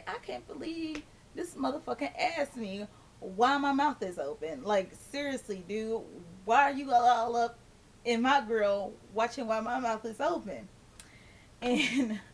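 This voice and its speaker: Slow-talking woman telling a funny story. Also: a little high. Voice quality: animated, laughing often, sarcastic asides. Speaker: vlogger. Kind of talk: casual storytelling to camera.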